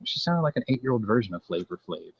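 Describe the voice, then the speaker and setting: A man's voice: mid-range voice, big pitch swings, quick pace, creaky, slightly rough, dry recording. A man hosting a casual podcast chat, a rambling storyteller who swears freely. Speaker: podcast host. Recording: dull lo-fi audio with faint noise.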